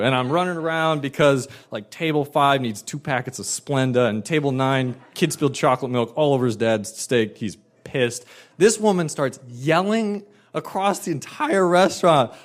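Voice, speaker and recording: A man telling a personal story in an animated, emphatic and self-mocking way. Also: fairly high pitch, moderate pace.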